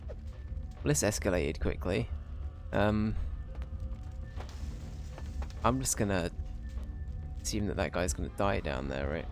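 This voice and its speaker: A man's voice: low-pitched, unhurried, faint music behind. A man streaming a video game, thinking aloud in a casual manner and swearing now and then. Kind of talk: live gameplay commentary.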